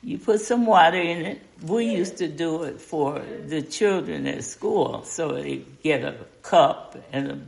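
An older woman leads a relaxed Bible study, speaking slowly with a lively, rising-and-falling voice. She is folksy and conversational and keeps asking her listeners questions. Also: low-pitched, gravelly. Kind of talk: informal Bible study teaching.

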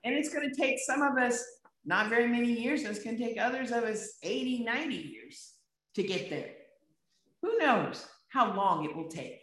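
A woman preacher speaks slowly and deliberately, retelling a scripture story in everyday words and pressing rhetorical questions on her listeners. Her voice sits far from the mic and rings around a very echoey room. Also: mid-range voice, a bit bright.

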